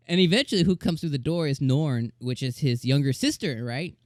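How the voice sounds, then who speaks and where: A man reviewing an anime episode in casual chat, excitable and gushing, often repeating words and restarting his sentences. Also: on the high side, a little fast, few pauses, no room sound, clean studio sound.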